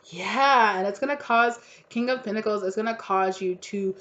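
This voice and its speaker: A woman's voice: mid-range voice, normal speed, fairly bright tone, muffled recording. A woman giving a collective tarot reading, gushing and repetitive, with casual swearing. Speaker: tarot reader.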